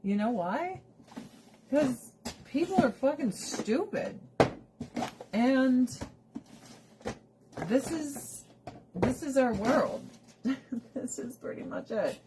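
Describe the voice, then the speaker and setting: A woman's voice: sits high, animated, takes it slowly, pauses often, background noise. A woman ranting bluntly and swearing on a casual livestream while doing her skincare, breaking into laughs between remarks. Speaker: livestream host.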